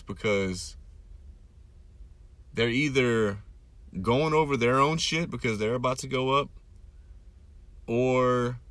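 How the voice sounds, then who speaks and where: A man's voice: mid-range voice, a bit bright, no echo. A man hosting a podcast, rambling in a loose, casual monologue full of "like" and fillers, with crude, irreverent humor. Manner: loose, laid-back, heavy with "like" and fillers. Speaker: podcast host and stand-up comic.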